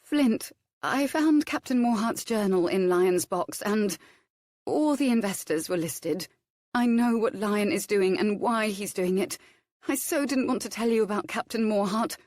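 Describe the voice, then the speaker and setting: A woman voicing a spirited young noblewoman in an audiobook, speaking higher, urgently and tensely. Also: animated, measured pace, a little mellow, no room sound, studio quality, natural voice. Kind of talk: audiobook character reading.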